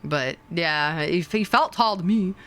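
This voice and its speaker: A young woman streamer chatting with her viewers, rambling and excitable, with many fillers and sudden high squeals. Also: measured pace, faint music behind. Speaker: VTuber streamer. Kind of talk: casual stream chat with viewers.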